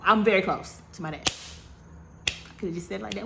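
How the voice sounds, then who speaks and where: A woman in her thirties telling a personal story to camera in a casual, animated way, dramatic and repetitive, with slangy, self-mocking asides. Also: mid-range voice, a little fast, gravelly, noisy background. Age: 30s. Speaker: vlogger.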